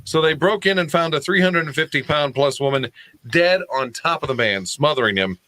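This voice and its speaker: A man's voice: on the high side, fairly quick, pushed and bright, low-quality recording. A male radio co-host reading odd news stories aloud in a mock-serious way, breaking into laughter. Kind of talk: joking news-story readout.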